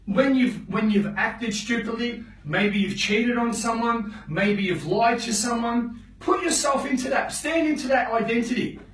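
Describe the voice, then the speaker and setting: A man's voice: very high-pitched, a little slow, few pauses, a bit bright, echoey room, recorded from a distance, poor audio. A man teaching a live motivational session, preachy and blunt, often checking in with his listeners and swearing for emphasis. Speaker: motivational coach.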